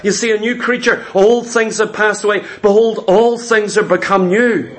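A man delivers a sermon in a notably high-pitched voice, leaning on storytelling and acting out the voices of the people he quotes. His speech is full of stammered restarts and repeated words as he presses his points. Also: fairly even intonation, moderate pace. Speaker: preacher.

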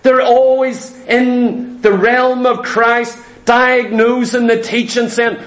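A man with a very high voice delivers a sermon with emphatic, repetitive phrasing. His words ring out in an echoey room. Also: flat delivery, takes it slowly, hardly any pauses. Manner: emphatic, repetitive preaching, rising to shouts. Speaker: preacher.

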